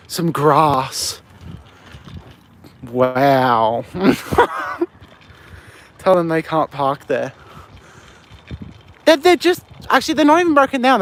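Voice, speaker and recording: A fairly high-pitched man with an Australian accent talks casually to his live chat while walking outdoors at night. He rambles, answers questions aloud and swears freely, recorded on a handheld phone. Faint street noise and passing traffic sit underneath. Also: a bit bright. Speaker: livestreamer. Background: faint street and traffic ambience.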